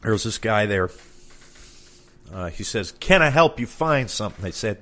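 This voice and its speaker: A man with a fairly low voice tells a comic story about his own errands. He sounds exasperated and swears freely, slipping into the voices of the people he met. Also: animated, normal speed, fairly bright tone. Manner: exasperated, profane, acts out both sides of conversations. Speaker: comedian. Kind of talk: comedic storytelling monologue.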